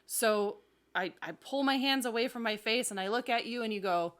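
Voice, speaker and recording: A woman's voice: a little high, normal speed, fairly bright tone. A middle-aged woman co-hosting a podcast, telling a story in a casual chat, laughing and acting out quotes. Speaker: podcast co-host. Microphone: table mic.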